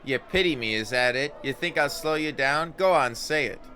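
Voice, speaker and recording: A man doing a gruff, prickly young woman. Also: a little high, moderate pace, pushed and bright, slight background noise, voice pushed up. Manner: blunt, tags lines with "it is". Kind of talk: reading game dialogue aloud.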